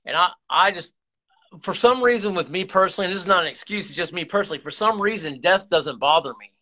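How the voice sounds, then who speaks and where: Earnest, rambling man with a bright voice. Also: high-pitched, lively intonation, quick pace. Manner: rambling, earnest, many restarts and repeated words. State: emotional, close to tears. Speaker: YouTube channel host. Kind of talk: candid confessional vlog talk.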